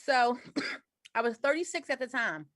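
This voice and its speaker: A woman's voice: on the high side, animated, unhurried, fairly bright tone, no room sound, studio quality. A woman in her forties telling a personal story in an earnest, detailed way, on a video call. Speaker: guest sharing her story.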